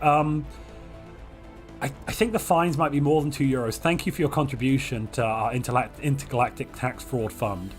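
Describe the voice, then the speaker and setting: A man hosting a multiplayer strategy game livestream, hoarse from a chest infection, joking in a playful, theatrical way. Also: medium pitch, normal speed, soft background music. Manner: playful, theatrical royal pronouncements. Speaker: streamer host.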